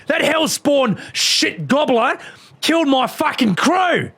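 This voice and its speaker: A man with an Australian accent voicing a bitter, foul-mouthed female sky pirate captain who speaks slowly and bursts into swearing rants. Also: mid-range voice, big pitch swings, no echo. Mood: furious. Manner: slow, brooding delivery that bursts into swearing rants.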